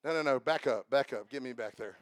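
A man preaching a sermon in church, swinging between shouted exhortation and quiet joking asides. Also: medium pitch, a little fast, dry recording, studio quality.

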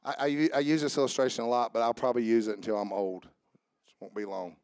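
A man's voice: mid-range voice, racing, smooth, no room sound. Preacher man, dry close sound. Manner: preaching with swings from soft asides to raised calls; joking with the congregation. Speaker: pastor. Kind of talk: sermon. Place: church service with instrument behind.

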